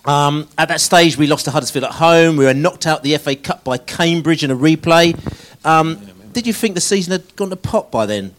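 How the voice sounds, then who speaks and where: A man's voice: a little high, brisk, hardly any pauses, a bit bright. A man hosting a casual live interview, prodding his guest with teasing questions and reeling off lists of players. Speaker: host.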